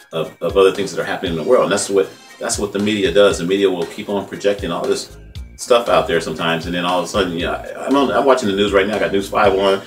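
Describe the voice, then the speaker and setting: A man's voice: deep voice, a bit bright. A man in his fifties from California, an independent journalist hosting his own vlog, talking in a rambling, heartfelt, conversational way with frequent "man" asides. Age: 50s. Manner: conversational, repetitive, heartfelt, says "man" often. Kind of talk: casual rambling commentary. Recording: distant mic with faint music behind.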